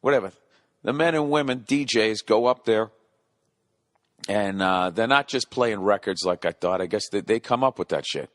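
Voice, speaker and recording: A man's voice: fairly low pitch, moderate pace, dry recording, studio quality. A man in his forties hosting a solo comedy podcast, ranting profanely and rambling, scolding himself back on topic. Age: 40s. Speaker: podcast host.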